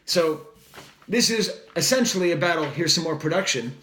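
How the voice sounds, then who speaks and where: A man's voice: fairly high pitch, lively intonation, normal speed, a bit bright, reverberant. A man giving a casual, rambling record review, full of fillers and enthusiastic asides. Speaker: music reviewer.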